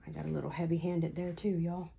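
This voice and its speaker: A woman's voice: fairly low pitch, little pitch movement, quick pace, creaky, mellow. A woman giving a casual crafting tutorial at home, chatty and rambling as she tells stories while she works. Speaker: craft vlogger.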